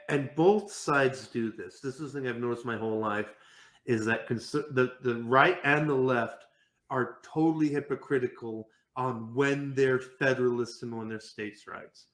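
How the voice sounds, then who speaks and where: A young man co-hosting a casual podcast panel, ranting in an animated way, swearing and mock-quoting the people he argues against. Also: medium pitch, unhurried. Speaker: podcast co-host.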